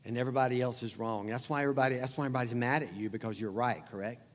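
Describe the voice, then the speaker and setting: A man's voice: mid-range voice, rapid-fire. A man preaching a sermon as pastor, talking in a conversational, emphatic way and repeating phrases. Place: church sanctuary. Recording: long hall reverb.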